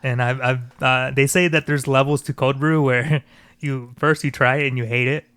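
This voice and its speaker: A man co-hosting a podcast in casual chat, relaxed and rambling with many fillers. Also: medium pitch, normal speed, clean tone, no echo. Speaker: podcast co-host.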